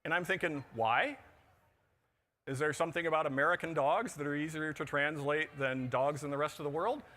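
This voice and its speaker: A man with a bright, forceful voice pitched a little high, presenting at a conference. He delivers his talk with dry, joking asides. He sounds middle-aged. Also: steady tone, quick pace. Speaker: conference speaker. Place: conference pavilion on a show floor.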